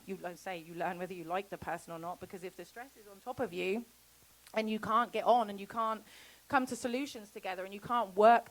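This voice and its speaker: A woman giving a casual festival talk about homesteading, chatty and quick to laugh, acting out quoted conversations. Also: medium pitch, rough recording. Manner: chatty, laughs often, acts out quoted exchanges. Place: festival talk before an audience.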